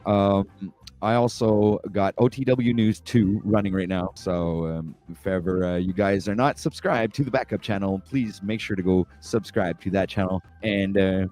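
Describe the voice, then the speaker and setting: A man hosting a casual morning live stream, laid-back and rambling, giving viewers lots of shout-outs. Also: sits low, normal speed. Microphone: home streaming mic on a stand.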